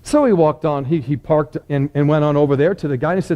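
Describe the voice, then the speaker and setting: A folksy preacher telling a story with lively timing and a rather high voice. He plays up the punchlines and moves along at an easy, talky pace. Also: quick pace, few pauses. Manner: animated, folksy, leans into punchlines.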